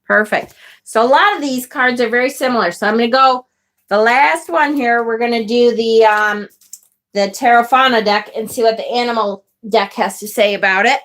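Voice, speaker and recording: A woman's voice: fairly high pitch, normal speed, fairly bright tone. A woman hosting a live tarot stream, chatting enthusiastically and reading viewer comments aloud. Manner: enthusiastic, chatty, swears casually. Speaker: tarot livestream host. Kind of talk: casual live-stream chat.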